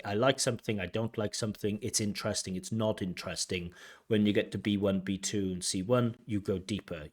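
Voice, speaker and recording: Middle-aged male examiner, lowish voice, analytical and explanatory. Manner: explanatory, breaks off to analyse replies. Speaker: IELTS examiner giving feedback. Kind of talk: recorded test commentary.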